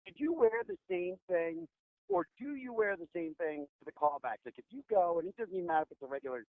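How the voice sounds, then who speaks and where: A man's voice: high-pitched, fast, no room sound. A man hosting a podcast, chatting casually and cracking jokes with his guest. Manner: joking, lively interviewer. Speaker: podcast host. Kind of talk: casual chat. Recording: dry phone-like podcast audio.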